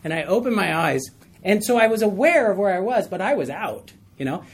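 A man's voice: high voice, big pitch swings, fairly quick, gravelly, slight background noise. A man teaching a Bible study in a conversational way, asking his group questions and telling stories with a laugh.

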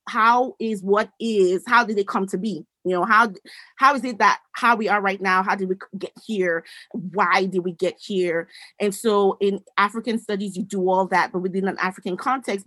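An adult woman speaks as an interview guest, recounting her life in an animated, conversational way that acts out snippets of remembered dialogue. Her voice sits in an ordinary middle register, and the recording is dry and close with no room sound. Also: medium pitch, no room sound. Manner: animated, acts out quoted dialogue, many restarts. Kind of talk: conversational storytelling.

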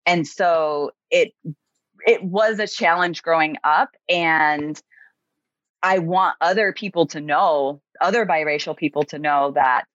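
A woman's voice: low voice, a little slow, a bit bright, dry recording. A woman guest on a podcast, speaking earnestly and reflectively in casual conversation, with many "you know"s. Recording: muffled, dry remote recording.

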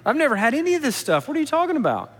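A man playing a resentful older brother, complaining in a high, whiny voice in a sermon retelling. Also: wildly swooping pitch, very fast, a bit bright, exaggerated voice. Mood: indignant. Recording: echoey hall.

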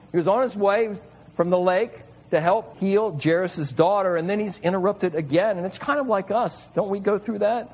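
Husky-voiced man preaching earnestly. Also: high-pitched, a little mellow, poor audio. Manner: earnest, emphatic repetition. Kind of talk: sermon reading and explaining scripture.

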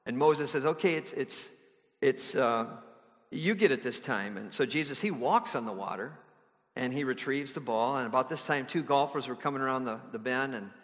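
A man's voice: mid-range voice, normal speed, in a large hall. A man preaching a sermon, conversational with fillers, building to emphatic declarations. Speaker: pastor.

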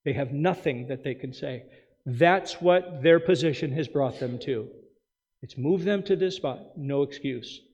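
A male pastor preaching a sermon, with emphatic rhetorical questions and quick asides. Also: medium pitch, darkish tone. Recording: dull sound with long hall reverb.

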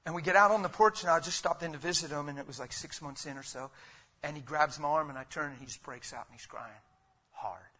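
A husky man with a slightly raised pitch preaches with great intensity. He drives his points home in repeated runs, surging loud and then dropping almost to a whisper. He is speaking to a church congregation. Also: quick pace. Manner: impassioned, swinging from loud exhortation to near whispers; repetitive rhetorical build-ups. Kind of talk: sermon.

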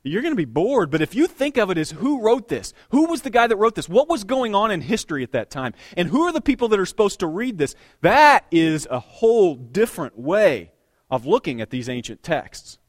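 A man in his thirties preaching a sermon as pastor, conversational and animated, with self-deprecating asides. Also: high voice, a little fast, dry recording, clean studio sound. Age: 30s.

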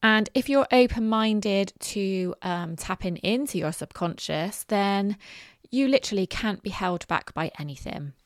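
A woman's voice: mid-range voice, animated, unhurried, no room sound, studio quality. A woman in her forties hosting a solo podcast, chatty and self-deprecating. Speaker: podcast host. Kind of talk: casual solo podcast talk.

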